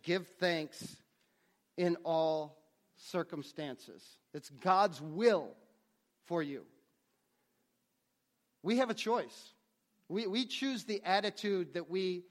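A man preaching a sermon, earnest, often repeating words as he restarts his phrases. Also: on the high side. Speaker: pastor.

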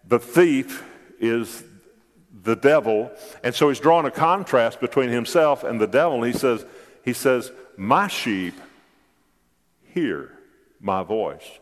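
A man preaching a sermon as a pastor in a church, emphatic and repeating his words as he addresses the congregation directly. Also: medium pitch. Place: church sanctuary. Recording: long reverb of a large church.

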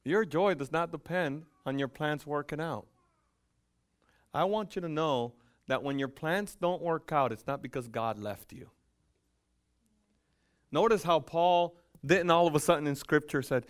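Animated preacher, rather high voice. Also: male voice, unhurried. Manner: animated, swings from loud emphasis to hushed quiet; acts out dialogue with God and Paul. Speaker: pastor. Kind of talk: sermon. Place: church sanctuary at a pulpit.

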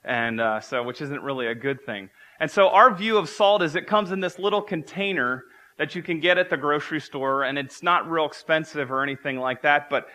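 A man's voice: on the high side, a little fast, few pauses, sharp tone. A man in his thirties preaching a sermon as pastor, earnest and repeating key phrases for emphasis.

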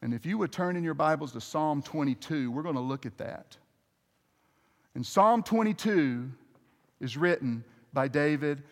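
A man's voice: a little high, expressive, normal speed, long reverb tail. A man preaching a sermon to a congregation, talking in a conversational way with restarts and asides to the listeners. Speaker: pastor.

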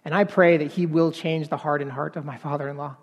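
A man preaching a sermon in an earnest, halting way, repeating words and then building to emphatic passages. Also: fairly high pitch, fairly even intonation, big-room sound.

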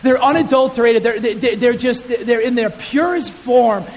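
A male pastor preaching a sermon in a church, lively and conversational with self-deprecating humor. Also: very high voice, moderate pace. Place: church sanctuary. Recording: hall reverb with faint hiss.

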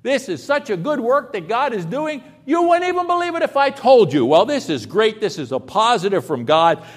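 A high-pitched man preaches with lively swings of pitch, chatting with his listeners and tossing them rhetorical questions. His voice rings out with a long reverb, as if carried through a large church hall. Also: normal speed. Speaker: pastor. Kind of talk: sermon.

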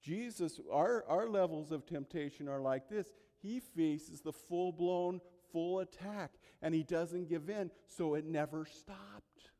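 High-voiced preacher in a reverberant hall. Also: male voice, slow, few pauses. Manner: preaching with swings between soft asides and loud emphatic peaks. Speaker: pastor. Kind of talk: sermon.

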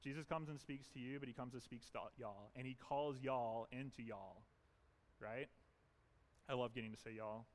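Man, pastor, church sermon, earnest, emphatic, repetitive phrasing, medium pitch. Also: steady tone, moderate pace.

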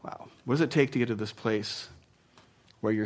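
A man preaching a sermon as pastor, speaking conversationally and punching key words loudly before dropping to a hush. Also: fairly low pitch, normal speed. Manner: emphatic, swinging between punchy loud lines and hushed asides; conversational, with frequent "you know".

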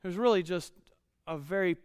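A man's voice: high voice, moderate pace, a little mellow, clear, resonant tone, no echo, clean studio sound, long reverb tail. A man in his thirties preaching a conversational sermon, repeating key lines and rising in volume when he reads scripture.

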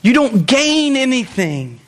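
This pastor's voice is extremely high and sing-song, moving at a slow pace through a relaxed, conversational sermon. He reads scripture aloud, performs the voices of the people in it and chuckles.

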